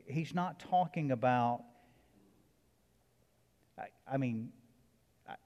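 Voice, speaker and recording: A man's voice: medium pitch, takes it slowly, darkish tone, in a large hall. A man with a Southern accent, a pastor preaching a sermon with emphatic builds and casual conversational asides. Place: church sanctuary.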